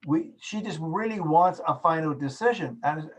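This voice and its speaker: A man lecturing a class over a video call, his voice a touch husky and sitting a little high for a man. He explains patiently, leaning on everyday examples to make each point land. The sound has the plain quality of a call microphone. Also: lively intonation, moderate pace, rough recording. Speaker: course instructor.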